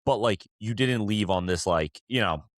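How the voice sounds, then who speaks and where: A man with a lowish voice co-hosts a podcast, chatting casually about football at a moderate pace. He rambles, using lots of fillers and restarting sentences, and the clean studio recording has no room sound.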